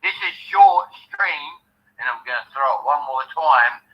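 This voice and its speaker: A man's voice: mid-range voice, animated, a little slow. A man with an Australian accent ranting furiously and profanely at someone on a live stream call. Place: bathroom. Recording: muffled phone line.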